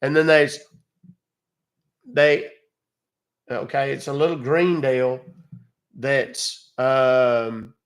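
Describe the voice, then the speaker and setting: A man's voice: mid-range voice, steady tone, extremely slow, pauses often. An older man on a live call, stalling a scammer in a folksy, exasperated way. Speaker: scam-baiting streamer.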